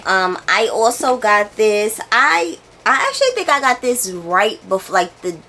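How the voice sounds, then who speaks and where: A woman's voice: on the high side, sing-song, unhurried, sharp tone, slight background noise. A young woman chatting casually and animatedly about books she received, laughing now and then. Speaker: book vlogger. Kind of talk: casual chat. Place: home, indoors.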